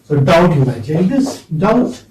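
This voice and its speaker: A man's voice: on the high side, very animated, unhurried, darkish tone. A man with an Indian English accent lecturing a class of students, repeating words and prompting them with questioning hums. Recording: echoey classroom, distant mic.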